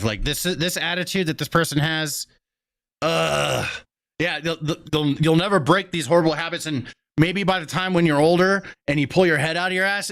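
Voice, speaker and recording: Man, fairly high voice, blunt profane commentary, reaction streamer. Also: fairly bright tone.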